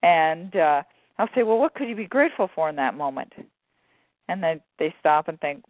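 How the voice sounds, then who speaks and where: A woman author telling stories in a relaxed interview, with frequent fillers and laughter. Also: low-pitched, normal speed, no echo. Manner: animated storyteller, many fillers and laughs. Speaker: guest author. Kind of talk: casual conversational interview. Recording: phone-like dry line.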